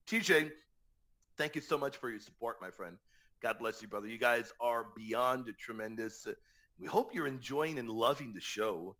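A man hosting a live Catholic radio show, talking energetically and emphatically, with slangy shout-outs to listeners. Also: a little high.

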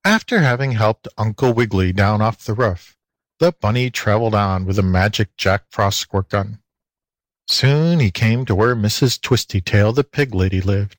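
Male storybook narrator: unhurried, melodic, dry close recording. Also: on the low side, animated, no room sound. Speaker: volunteer audiobook reader.

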